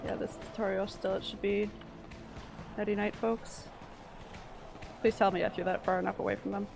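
A woman's voice: medium pitch, little pitch movement, normal speed, gravelly, background noise. A woman streaming a game live, giving an anxious running commentary full of swearing.

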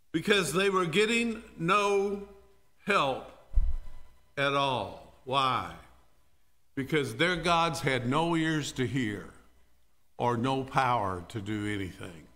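Slow, bright-voiced man preaching a sermon. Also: on the high side. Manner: dramatic storytelling preaching, directly addressing the congregation. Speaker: pastor. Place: church sanctuary during a worship service.

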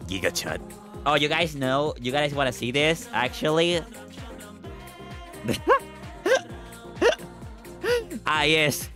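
A man livestreaming, chatting with his viewers in an excitable, rambling way, stammering and swearing. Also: fairly high pitch, normal speed, faint music behind.

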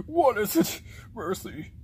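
Steady cartoon boy played by a woman, soft and lowered, slow and reassuring. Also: slightly rough, heavily acted. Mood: calm.

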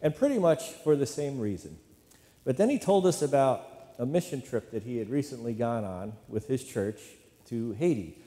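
A male pastor gives a sermon in a mellow, warm voice with a middle pitch. He speaks conversationally, leads call-and-response with the congregation and keeps asking "right?". The sound carries a long reverb, as in a church sanctuary. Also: expressive, normal speed.

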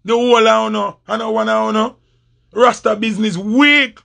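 A Jamaican man with a gravelly, husky voice that sits fairly high, ranting in confrontational patois. He repeats his points and hammers them home, pressing them again and again. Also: moderate pace, fairly bright tone. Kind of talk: heated social media rant.

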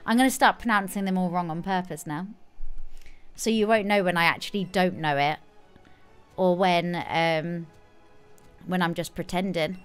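A woman streaming a video game live, chatting casually with sudden excited squeals. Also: fairly low pitch, a little slow, pauses often, clean tone, faint music behind. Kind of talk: casual live gameplay commentary.

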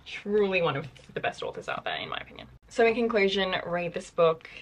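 A woman's voice: on the low side, animated, fairly quick, poor audio. A woman vlogger chatting casually and enthusiastically about books, often saying "like". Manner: gushing, enthusiastic, frequent "like". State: tired. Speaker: book vlogger. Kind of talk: casual vlog chat.

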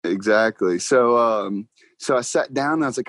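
Young guy telling a story fast, laughs a lot, says bro, dry mic. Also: mid-range voice, no echo. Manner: excited, laughs often, talks fast with "like" and "bro". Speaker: guest car salesman. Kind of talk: casual storytelling interview.

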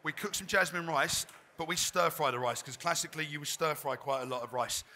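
A man's voice: fairly high pitch, a little fast, pushed and bright, slight background noise. A man, a chef giving a live cooking demonstration, chatty and self-deprecating. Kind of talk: live cooking demo talk. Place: trade fair demo stage.

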